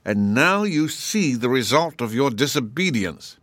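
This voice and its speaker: A man's voice: medium pitch, sing-song, a little slow, a bit bright, no echo, voice pushed up. A man voicing a grumbling, reproachful gnome chamberlain.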